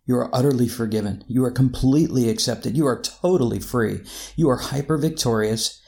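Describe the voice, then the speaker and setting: A preacher playing a gentle, fatherly divine master who speaks slowly and softly to his child. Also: mid-range voice, vocal fry, natural voice. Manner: gentle, slow and hushed.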